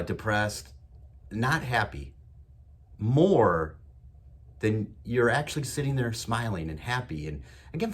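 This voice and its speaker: Man, show host, motivational monologue, husky voice, swinging pitch. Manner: enthusiastic, repetitive, emphatic. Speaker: podcast host.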